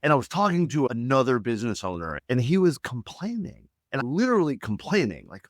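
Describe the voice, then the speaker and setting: A man's voice: mid-range voice, brisk, few pauses, no room sound, clean studio sound. A middle-aged man, a company CEO guest on a podcast, telling casual stories and acting out quoted dialogue. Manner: animated, acts out quoted dialogue. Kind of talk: casual storytelling in interview.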